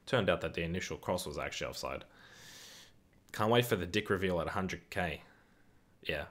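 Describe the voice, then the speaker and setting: A young man from the UK hosting a football watch-along stream, chatting casually, reading chat aloud, swearing and getting excitable. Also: sits low, a little fast.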